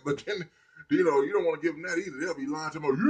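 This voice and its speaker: Husky guy ranting, lots of swearing, rambles and laughs at folks. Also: a little high, lively intonation, fast talker. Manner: profane, rambling, laughs at people. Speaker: vlogger. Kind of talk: casual comedic rant.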